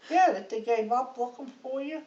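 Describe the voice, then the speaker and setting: A woman's voice: high voice, normal speed, a little mellow. An older woman, a grandmother, telling a rambling, chatty story in her living room, often checking in with her listener. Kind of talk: casual storytelling. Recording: hissy, muffled home recording from a distance in an echoey room.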